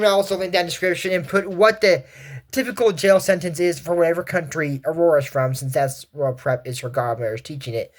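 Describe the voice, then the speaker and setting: An American host recapping a cartoon episode in a loose, chatty way. They wander into side tangents and then jump into the characters' lines with lively, animated shifts. The middle-pitched voice stays easy and unscripted. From United States. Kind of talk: casual retelling of a cartoon episode.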